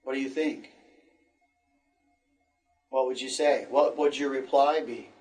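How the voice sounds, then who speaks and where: A man teaching an English lesson, encouraging and repeating phrases slowly for learners. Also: mid-range voice, fairly even intonation, a little mellow, far from the mic.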